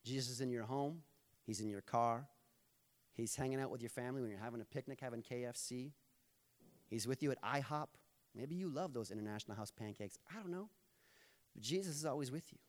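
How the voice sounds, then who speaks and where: A man's voice: mid-range voice, a little fast. A man preaching a sermon as a pastor, conversational and playful, and earnest in places.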